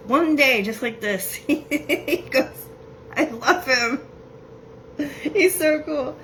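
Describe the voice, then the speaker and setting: Chatty woman doing a psychic reading, laughs a lot, quotes messages fast. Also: on the low side, fairly bright tone, slight background noise, low-quality recording. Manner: chatty, laughs often, quotes the spirit in quick bursts. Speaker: psychic medium. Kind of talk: relaying spirit messages in a casual reading.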